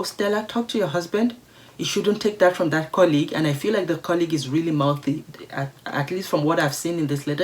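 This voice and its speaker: A woman vlogger reading viewer letters aloud and commenting on them in a casual, emphatic, outspoken way, repeating her points for stress. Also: sits low.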